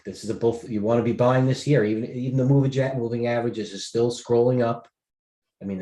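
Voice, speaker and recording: A man with a low voice hosts a live trading stream and thinks aloud over his charts. He rambles, drops sentences halfway and jumps to the next thought. The room around him sounds echoey. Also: warm tone. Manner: rambling, offhand, trails off mid-sentence. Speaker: stock market host.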